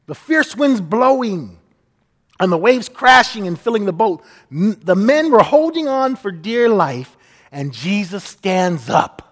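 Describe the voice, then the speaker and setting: A man's voice: high-pitched, very animated, measured pace, big-room sound. A man preaching a sermon as pastor, earnest, and often acting out the people he quotes.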